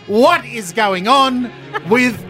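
A man's voice: very high voice, faint music behind. A man hosting a breakfast radio show, bantering energetically and stretching out words when he mock-rants. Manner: energetic, mock-ranting, drawn-out emphasis. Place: radio studio. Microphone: studio mic.

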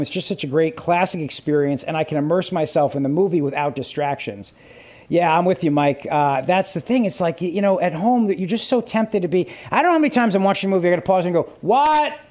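A middle-aged man hosting a radio show, telling stories in casual, animated banter and laughing often. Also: fairly high pitch, quick pace.

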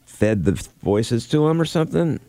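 A man's voice: on the high side, animated, normal speed, mellow. A man co-hosting a radio talk show in casual chat, dry and skeptical.

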